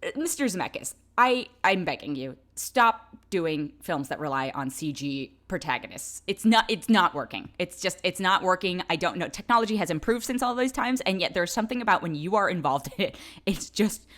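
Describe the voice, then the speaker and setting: A woman reviewing a film in a casual, unscripted way. Her voice swings widely in pitch as she vents. She sounds exasperated and sarcastic and laughs between her complaints. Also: lively intonation, normal speed, hardly any pauses, a bit bright.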